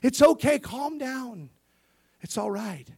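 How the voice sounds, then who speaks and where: A man voicing a father urgently calming his scared daughter in a sermon story. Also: very high voice, slow pace, vocal fry, breathy edge, pitched above the performer's own voice, full character voice. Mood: soothing.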